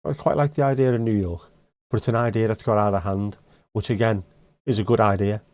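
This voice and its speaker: A man's voice: lowish voice, steady tone, a little fast, a little mellow, dry recording. A middle-aged man hosting a live stream, chatting casually and teasing viewers as he reads out their comments. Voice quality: joking, teasing banter. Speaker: livestream host.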